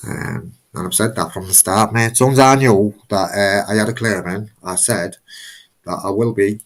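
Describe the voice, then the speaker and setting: A man's voice: on the low side, normal speed. A man hosting a live stream, talking casually in a rambling, emphatic way and often repeating himself.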